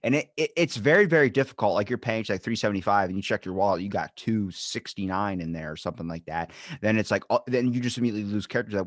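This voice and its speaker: A man's voice: on the low side, quick pace, few pauses, no echo, clean studio sound. A young man hosting a podcast, chatting casually, rambling and joking, swearing freely. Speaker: podcast host.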